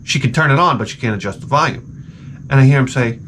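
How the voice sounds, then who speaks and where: A man's voice: medium pitch, quick pace, fairly bright tone, slight background noise. Exasperated man ranting and swearing. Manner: profane, digressive and exasperated; often repeats and restarts words. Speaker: video host. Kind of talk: rambling comedic rant.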